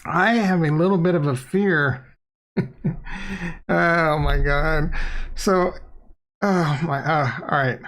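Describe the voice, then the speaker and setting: A man's voice: on the high side, slow pace, pauses often, a bit bright. Casual male crypto streamer, blunt and rambling, goofy asides, close desk mic. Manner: loose, rambling, playful, blunt. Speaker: crypto YouTuber. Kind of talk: casual livestream talk. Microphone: desk microphone.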